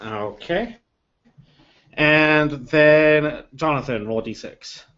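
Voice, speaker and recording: A man running a tabletop game as game master, talking casually with many quick restarts. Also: on the high side, highs cut off. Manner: stammering restarts, animated.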